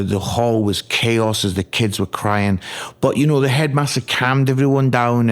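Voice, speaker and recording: A middle-aged man from Scotland, an evangelist guest telling his story earnestly and with feeling, often repeating words as he is moved. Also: mid-range voice. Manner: earnest, emotional, repeats words when stirred. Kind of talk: storytelling in a podcast interview.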